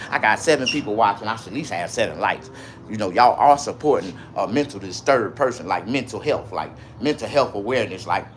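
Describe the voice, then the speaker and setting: A man's voice: on the low side, slight background noise. A man rambling through a profane livestream monologue and reading viewer comments. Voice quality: profane, rambling, swings to loud outbursts.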